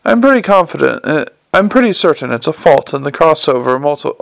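A man voicing an excitable, fussy young male clerk in an audiobook, talking in a flustered, raised voice. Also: a little high, a little fast, gravelly, no echo, full character voice.

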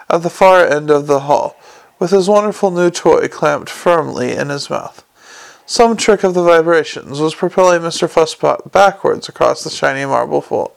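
A man narrating a comic fantasy audiobook in a lively, expressive reading. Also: fairly high pitch, vocal fry. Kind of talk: scripted narration.

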